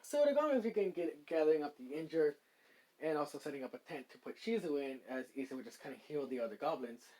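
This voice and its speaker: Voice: mid-range voice, expressive, fast talker, dark tone, rough recording. A fan story narrator improvising a story aloud, rambling with many fillers. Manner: rambling, many likes and ums.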